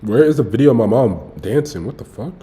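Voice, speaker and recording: A man's voice: medium pitch, animated, fairly quick, mellow. A young man streaming, telling a story in a loose, slangy way with lots of swearing. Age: young adult. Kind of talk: casual storytelling livestream.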